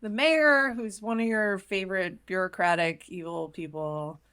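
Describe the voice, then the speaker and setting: A woman's voice: mid-range voice, unhurried, a bit bright, clear, resonant tone. A young adult woman co-hosting a podcast, sarcastically recapping a movie plot with exasperated asides. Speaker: podcast co-host.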